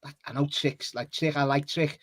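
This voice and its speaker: A man's voice: a little high, steady tone, moderate pace, dry recording, clean studio sound. A man co-hosting a wrestling podcast, chatting casually and swearing now and then. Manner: laid-back, agreeable, swears casually. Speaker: podcast co-host. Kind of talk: casual wrestling news chat.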